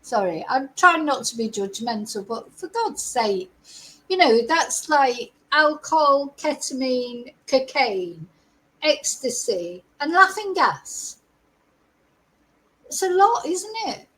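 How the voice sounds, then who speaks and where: A middle-aged woman hosts a true crime livestream, her high, fairly bright voice expressive and slow. She's chatty and exasperated, laughing between remarks, and the recording is rough.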